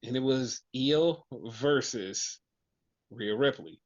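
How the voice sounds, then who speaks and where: A man's voice: mid-range voice, slow. A man co-hosting a podcast, chatting casually and animatedly about wrestling, swearing freely and acting out what others said. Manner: animated, swearing, acts out quotes. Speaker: podcast co-host. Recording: dull lo-fi podcast audio.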